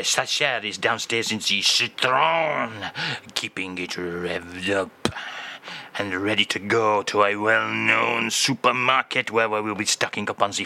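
A man voicing a suave older French crooner with a put-on French accent, talking slowly in a drawling, self-satisfied way. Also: fairly low pitch, sharp tone, voice pushed down, exaggerated voice.

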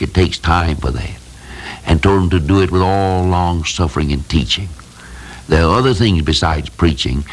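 A man's voice: deep voice, husky. A man preaching a sermon in a folksy, plain-spoken, emphatic way, telling simple stories.

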